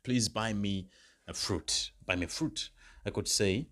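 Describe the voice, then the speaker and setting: A man leads a beginner German exam lesson, explaining in English. His voice sits fairly low, and he talks very slowly and deliberately. He repeats each German phrase for his learners. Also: animated, a bit bright. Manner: patient explainer, checks understanding with "right?" and "okay?". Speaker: German language tutor.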